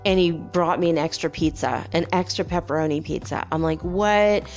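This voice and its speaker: A woman vlogger casually telling viewers a rambling, animated story, with playful whoops and laughs. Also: low voice, a little fast, soft background music. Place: home by the Pacific.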